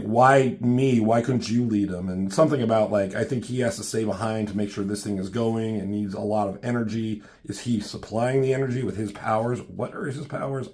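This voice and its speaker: Low gravelly guy rambling thru a comic recap, swears a lot, tons of ums. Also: steady tone, moderate pace, dark tone. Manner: rambling, profane, many ums and asides. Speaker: comic book reviewer.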